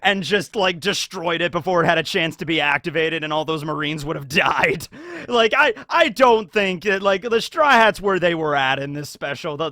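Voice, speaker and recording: A man talking casually as a YouTuber about an anime special. He is excitable, rambling, and full of fillers and tag questions. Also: fairly high pitch, no room sound, clean studio sound.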